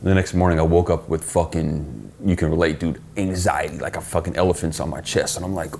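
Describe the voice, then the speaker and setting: A middle-aged man, a podcast guest, telling stories in casual chat, profane and animated as he acts out what people said. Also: a bass voice, a little fast, creaky, few pauses, slight background noise. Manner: profane, animated storyteller acting out quoted dialogue.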